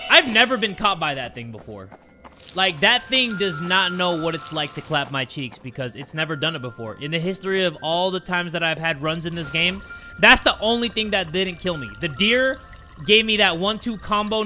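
A young man giving excited gameplay commentary, swearing often and talking to his viewers, swinging between hyped yelling and muttered counting. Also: fairly high pitch, slight background noise. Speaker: gaming YouTuber.

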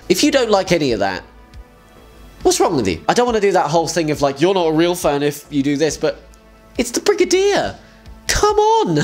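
A man hosting a fan community show, chatting casually and enthusiastically with jokey asides. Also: mid-range voice. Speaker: host.

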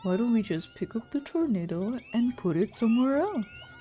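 A woman VTuber streaming a game, reacting in excitable, panicky bursts with repeated shouts and frequent swearing. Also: fairly high pitch, moderate pace, faint music behind. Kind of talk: casual live gameplay commentary.

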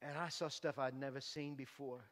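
A male pastor giving his testimony as a sermon, passionate, moving from hushed to loud preaching. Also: medium pitch, steady tone, moderate pace, long reverb tail.

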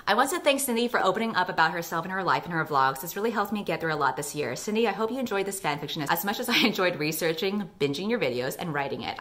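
Bright-voiced woman reading fanfiction. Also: deep voice. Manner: expressive, wry commentary. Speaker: YouTuber reading fanfiction aloud. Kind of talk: dramatic reading with comic asides.

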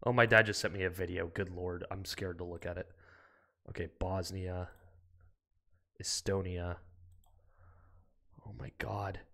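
An American man streaming a geography game, excitable, yelping and swearing, then muttering to himself. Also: sits low, measured pace, gravelly, long pauses. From United States. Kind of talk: live-stream gameplay commentary.

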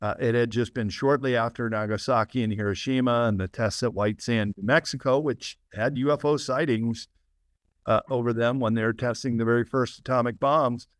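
A man's voice: mid-range voice, fairly even intonation, moderate pace, no room sound, studio quality. A man as a guest author on an interview podcast, explaining at length with enthusiasm and frequent laughs.

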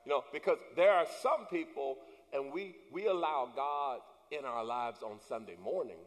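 A male pastor preaching a sermon, building to shouted emphasis and calling out to the congregation. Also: medium pitch, moderate pace, long reverb tail. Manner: preaching with rising, shouted emphasis and call-and-response. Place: church sanctuary.

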